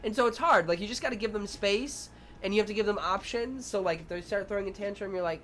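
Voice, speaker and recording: Here a young man speaks fast in a high register, with a little background noise. As a preschool teacher and streamer, he casually tells lively stories to his audience, impersonating the children and himself, with plenty of swearing.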